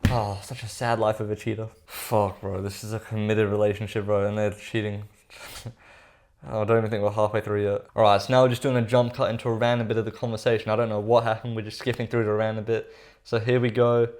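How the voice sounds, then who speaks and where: A man's voice: lowish voice, little pitch movement, a little fast, darkish tone. A man giving casual reaction commentary, sarcastic and profane, calling his viewers bro.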